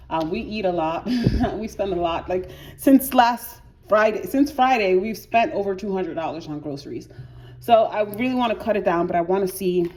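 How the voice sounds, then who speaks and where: Chatty woman, slightly wheezy, lowish voice. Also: warm tone. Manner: chatty, frequent filler "like", self-correcting restarts. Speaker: budgeting vlogger. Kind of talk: casual budgeting walkthrough.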